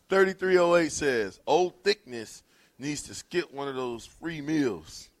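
A man's voice: a little high, takes it slowly, pauses often, no echo. A man hosting a sports talk radio show, bantering and laughing with his co-hosts in the studio. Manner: animated, laughing, playful teasing.

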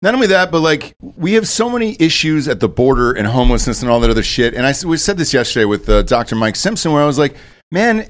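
Rambling, animated man. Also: mid-range voice, fast. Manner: loose, profane, rambling. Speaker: podcast co-host. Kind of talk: casual chat.

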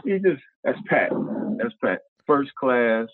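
A man's voice: mid-range voice, takes it slowly, no echo. A man in his fifties from Ohio, a podcast guest telling stories in a casual, slangy way and acting out what others said. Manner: animated, slangy, acts out other people's lines. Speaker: guest, former pro basketball player. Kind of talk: casual storytelling. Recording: tinny phone-like remote line, dry.

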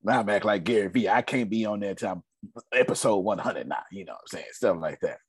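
A man hosting a group call as a business coach, animated, laughing often and repeating his key points. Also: fairly low pitch, fast, slightly rough, dry recording, clean studio sound.

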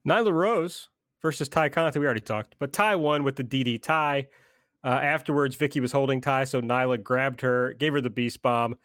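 Man reading out a steady recap. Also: mid-range voice, normal speed, dry recording, studio quality. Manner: reads out recaps in a steady run-through. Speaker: podcast co-host recapping the show. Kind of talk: casual wrestling podcast recap.

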